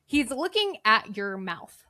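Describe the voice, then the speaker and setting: A woman narrating as game master in a tabletop game, relaxed with lots of fillers. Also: on the high side, slow pace.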